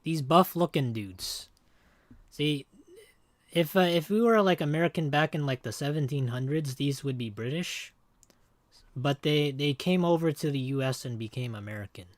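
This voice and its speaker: A man's voice: fairly high pitch, animated, moderate pace, no echo. A man streaming a game, chatting casually and jokingly with his viewers in a rambling way. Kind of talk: casual livestream chat.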